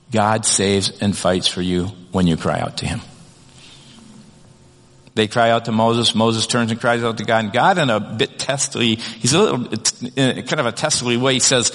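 The preacher's voice is on the low side yet fairly bright, moving at normal speed through a large hall. He gives his sermon in a conversational style, reads scripture aloud, and keeps restarting with many a "kind of."

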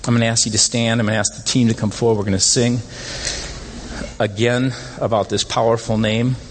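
A man preaching a sermon as pastor, animated and conversational, often rising in pitch to stress a point. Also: fairly quick, a little hiss or hum. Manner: animated, rises in pitch when making points. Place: church sanctuary. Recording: long hall reverb.

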